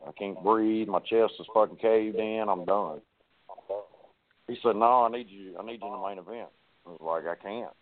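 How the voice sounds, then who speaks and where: Male guest, low voice, animated and profane storyteller, phone-quality audio. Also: normal speed, dry recording. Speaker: wrestler guest. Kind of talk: casual storytelling on a podcast. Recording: tinny phone-like line.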